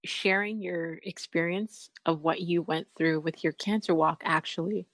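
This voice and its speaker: A woman's voice: on the low side, steady tone, unhurried, dry recording. A woman hosting a podcast in casual interview chat, earnest and openly emotional, laughing often. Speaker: podcast host.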